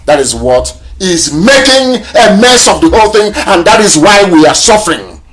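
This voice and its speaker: A man from Nigeria delivers a live political broadcast with a slightly raised pitch. His oratory is impassioned and scornful, and he hammers points home through repetition. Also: very animated, moderate pace, a bit bright. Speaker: broadcast host.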